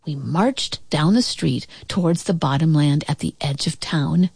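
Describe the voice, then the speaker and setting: A woman reading a children's story aloud in an expressive, animated way. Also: sits low, unhurried, gravelly, slightly rough, no echo, clean studio sound.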